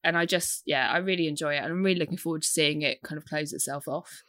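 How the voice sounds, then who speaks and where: A young woman co-hosting a casual podcast chat, animated and swearing freely. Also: low-pitched, quick pace, no room sound, clean studio sound. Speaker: podcast co-host.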